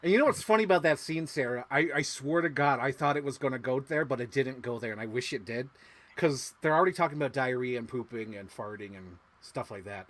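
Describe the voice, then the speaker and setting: A man co-hosting a casual movie chat podcast, excitable and laughing often, leaping up high when he quotes characters. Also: quick pace. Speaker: podcast co-host.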